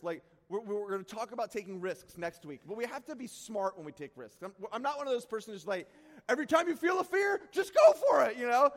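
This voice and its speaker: A man preaching by telling a self-deprecating personal story, animated and prone to sudden shouts. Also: high-pitched, long reverb tail. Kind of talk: sermon storytelling.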